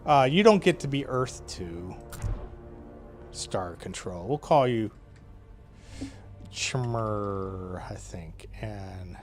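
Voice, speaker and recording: A man's voice: lowish voice, sing-song, slow, faint music behind. A man playing his own strategy game and giving casual commentary as he thinks aloud, wry and chatty with frequent hesitations and short laughs.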